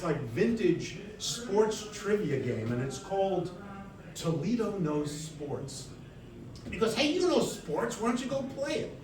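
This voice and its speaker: A middle-aged man with a high voice tells a comic personal story on stage, wry and animated. He sounds distant and echoey, as if caught by a mic across the room, and a crowd laughs along with him. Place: stage before a live audience. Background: audience laughter.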